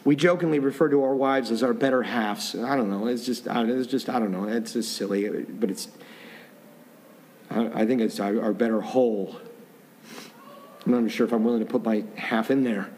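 A man's voice: medium pitch, moderate pace, darkish tone, a little hiss or hum. A middle-aged man preaching a sermon as a pastor, in a conversational way with restarts and joking asides. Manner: conversational, self-interrupting, jokey asides.

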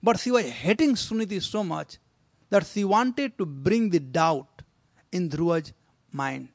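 High-voiced man telling a sermon story. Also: animated, unhurried, no echo, studio quality. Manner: earnest, exhorting. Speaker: preacher.

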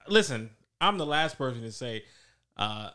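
A man's voice: mid-range voice, measured pace. A man in casual podcast chat, telling a story with profanity and acting out friends' lines. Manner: animated, profane storytelling with lots of acted-out quotes.

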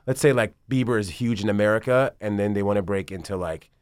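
Smooth low-voiced man telling stories. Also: quick pace, no room sound, clean studio sound. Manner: rambling, profane, animated storytelling. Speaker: basketball agent guest. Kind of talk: casual interview chat.

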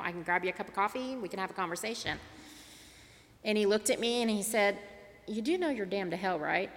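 Woman, middle-aged, bright voice, lively storyteller, long hall reverb. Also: mid-range voice. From Tulsa, Oklahoma. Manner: animated storyteller, acts out dialogue. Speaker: interfaith advocate speaker. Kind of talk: personal storytelling talk.

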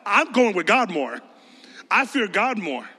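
A man delivers an emphatic, conversational sermon in a high voice with a bright, forceful edge. His words ring out with a long reverb, as in a large hall. He slips into mocking voices to make his points. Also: sing-song, unhurried, husky. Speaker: pastor.

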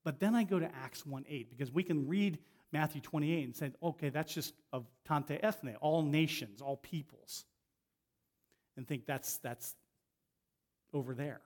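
A middle-aged man preaching as a guest speaker in a conversational way, often restarting phrases and slowing down to stress a point. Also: a little high, a little mellow. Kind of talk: sermon.

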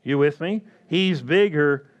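A man preaching a sermon slowly and emphatically, often asking the congregation questions. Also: a little high, highs cut off.

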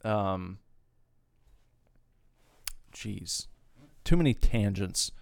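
A man's voice: lowish voice, animated, drawn-out words, creaky, dry recording. A man hosting his own podcast, talking casually in a rambling, profane rant that wanders off on tangents. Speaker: podcast host.

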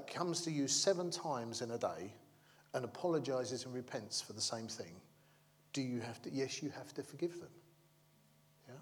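A man preaching a sermon in a chatty, humorous way, checking in with the congregation and acting out the figures in his stories. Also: mid-range voice. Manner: conversational, keeps asking the congregation "yeah?"; acts out the crowd and characters in the stories.

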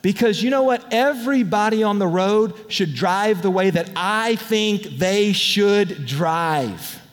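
High-voiced pastor preaching in a reverberant hall. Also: male voice, slow pace. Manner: conversational, candid preaching with lively asides. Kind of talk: sermon. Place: church auditorium. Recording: long reverb of a large hall.

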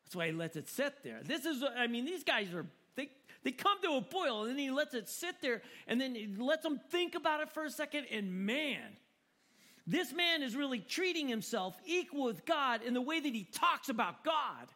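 A man preaching a sermon in an animated, joking way, often repeating words for emphasis. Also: very high voice, moderate pace. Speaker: pastor.

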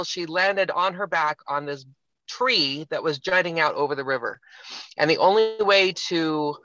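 A man with a raised, bright and somewhat tense voice speaks as a podcast guest, his audio a little dull and lo-fi but dry. He talks reflectively, retelling a film scene in detail to make a point in casual conversation. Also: fairly high pitch, dry recording. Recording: slightly muffled, lo-fi.

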